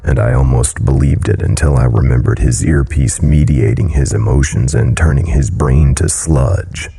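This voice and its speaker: A man narrating a horror story in a low, brooding delivery. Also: moderate pace, gravelly, warm tone, breathy edge.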